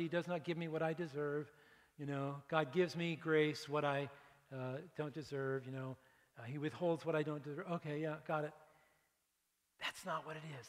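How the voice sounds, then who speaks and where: A male pastor giving a conversational, animated sermon, acting out prayers and dropping into hushed asides. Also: a little high, long reverb tail. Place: church sanctuary.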